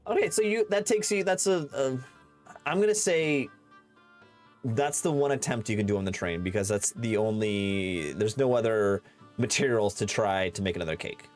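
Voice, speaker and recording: A man's voice: fairly low pitch, normal speed, faint music behind. Rambling male game master. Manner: loose, filler-heavy narration with restarts. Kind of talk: narrating a tabletop game.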